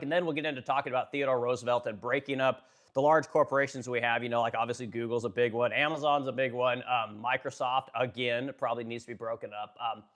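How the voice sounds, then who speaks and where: A man's voice: medium pitch, fairly bright tone. A man hosting a casual political live stream. He talks bluntly with lots of swearing and fillers. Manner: blunt, profane, filler-heavy. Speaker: live-stream host, furniture business owner.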